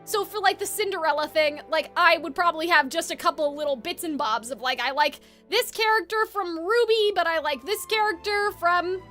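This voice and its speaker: Woman streamer, very high and sharp-toned; chatty, rambling, self-correcting live talk. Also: normal speed, hardly any pauses, soft background music. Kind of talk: casual live-stream chat.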